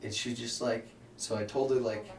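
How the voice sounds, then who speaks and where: A man's voice: medium pitch, fairly even intonation, moderate pace, slight background noise. A young man, a podcast guest, chatting casually and self-deprecatingly, swearing freely. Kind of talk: casual chat. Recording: roomy, distant mic.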